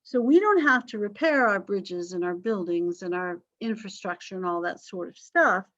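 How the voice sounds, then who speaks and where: A woman lecturing a history class in a chatty, joking way, often correcting herself mid-sentence. Her voice is a little strained from vocal cord damage and sits at a middling pitch. The class recording sounds dull and lo-fi. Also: lively intonation, moderate pace, fairly bright tone. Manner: chatty, self-correcting, jokey asides. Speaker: history teacher.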